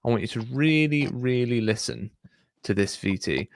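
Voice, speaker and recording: A man hosting a casual discussion, talking in a thoughtful, measured way with frequent fillers. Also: mid-range voice, expressive, vocal fry, no echo, clean studio sound. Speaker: podcast host.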